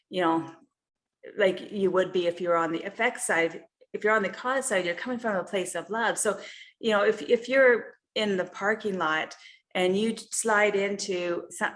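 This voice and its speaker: A woman coach leads an online group session over a video call. Her voice sits at an ordinary middle pitch. She explains her points casually and keeps checking in with "you know" and "right?" as she goes. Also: a bit bright. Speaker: health and life coach.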